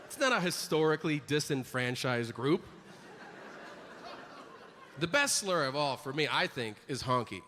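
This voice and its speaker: A male comic works through a stand-up set, brash, mocking and profane. His voice runs high and moves up and down a lot. It rings with long venue reverb over clear background noise. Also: lively intonation, measured pace, pauses often, sharp tone. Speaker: stand-up comedian.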